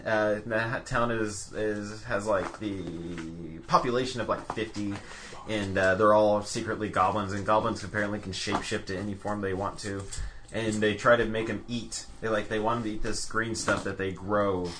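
Young male co-host, bright tone, excitable rambling storyteller, salty language. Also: fairly low pitch, moderate pace, slight background noise. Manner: excitable storyteller, swears freely. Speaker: podcast co-host. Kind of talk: casual chat.

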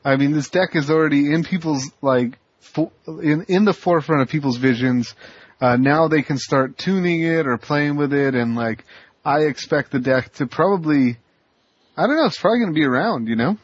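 A man co-hosting a podcast, telling a rambling, animated anecdote full of restarts. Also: fairly high pitch, moderate pace, husky, no room sound. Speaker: podcast co-host. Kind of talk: casual chat, storytelling. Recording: muffled lo-fi podcast audio.

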